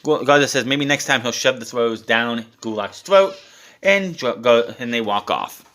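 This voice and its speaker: A man's voice: mid-range voice, a little slow, sharp tone. A man in the middle of his own voice range, talking through a wrestling show in a casual solo recap. He is blunt and sarcastic, and he swears freely.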